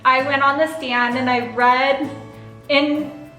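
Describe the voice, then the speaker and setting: Woman, 30s, vlog host; high, bright, earnest delivery; echoey room, faint music. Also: flat delivery, slow pace. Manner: earnest and open, fighting back tears at times. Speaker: vlogger, foster and adoptive mother. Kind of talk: casual Q and A vlog.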